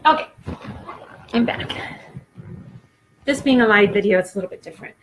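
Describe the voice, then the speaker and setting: A woman in her forties talking off the cuff to a camera, halting and earnest, close to tears, with many fillers and restarts. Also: medium pitch, a little hiss or hum. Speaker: vlogger. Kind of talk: unscripted personal talk to camera.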